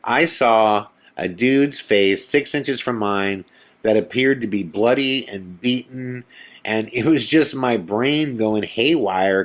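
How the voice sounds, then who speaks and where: A male podcast host retelling a spooky personal story in a casual, animated way, acting out his own and his friends' lines, with lots of fillers. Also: lowish voice. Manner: animated retelling with quoted dialogue, many fillers.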